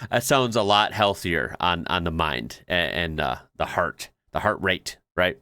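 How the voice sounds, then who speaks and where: A man's voice: low voice, measured pace, bright, forceful tone, clean tone, no room sound, studio quality. An American man hosting a reaction video, chatting in a laid-back way and laughing often. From United States. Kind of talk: casual reaction commentary.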